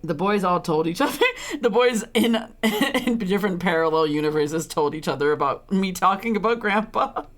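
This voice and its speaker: A woman's voice: lowish voice, expressive, moderate pace, few pauses. Woman game streamer, casual stream commentary, exasperated rants, frequent swearing, laughing at the screen.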